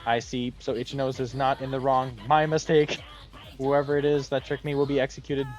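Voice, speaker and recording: A man voicing a childish, spoiled, hot-tempered male company president, whiny and demanding, quick to threaten. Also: medium pitch, little pitch movement, soft background music, natural voice. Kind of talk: reading game dialogue aloud in voices.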